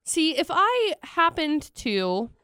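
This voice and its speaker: A fairly high-voiced woman banters as a radio co-host, playful and quick with a dry quip. Her voice sounds close and dry, with no room around it. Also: sing-song, sharp tone, no echo.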